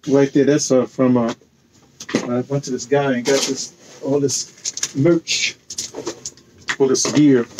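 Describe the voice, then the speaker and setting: A man's voice: mid-range voice, darkish tone, a little hiss or hum. A man casually chatting in a vlog, telling a rambling story with lots of laughs and sounding tired from a day of walking. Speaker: vlogger. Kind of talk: casual chat.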